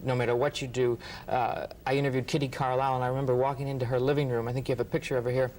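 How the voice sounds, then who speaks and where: A man, a writer and interview guest, telling lively anecdotes and acting out what others said. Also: medium pitch, rapid-fire, slight background noise, low-quality recording. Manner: animated, acts out quotes, laughs often. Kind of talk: anecdotal storytelling.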